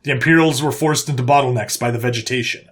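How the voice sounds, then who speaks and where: Guy reading a story out loud, mid pitch, slow dramatic emphasis here and there. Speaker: narrator. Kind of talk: scripted story narration.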